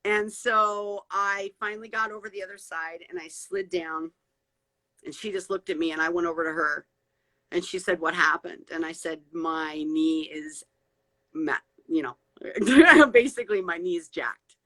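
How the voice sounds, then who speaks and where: A woman speaks as a guest over a video call, telling her personal story with feeling and often circling back to repeat a phrase. Her voice is bright and forward. The sound is dry, with no room around it. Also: fairly low pitch, a little slow, no room sound, rough recording. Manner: tearful, repeats phrases when moved. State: crying. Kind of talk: emotional personal testimony.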